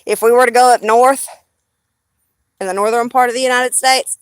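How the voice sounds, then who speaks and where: A woman's voice: fairly high pitch, fairly even intonation, normal speed, no room sound. A woman with a Southern US accent chatting casually on a live stream, rambling and blunt, swearing freely.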